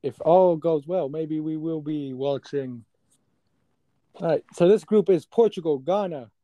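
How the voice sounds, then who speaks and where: A man's voice: on the high side, a little slow, no echo, highs cut off. A young man co-hosting a casual sports podcast, joking and playful, laughing often. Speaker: podcast co-host.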